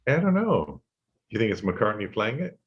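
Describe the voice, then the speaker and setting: A man's voice: on the low side, big pitch swings, normal speed, lo-fi sound. A man co-hosting a podcast, chatting casually about music in an easygoing way and trailing off with fillers.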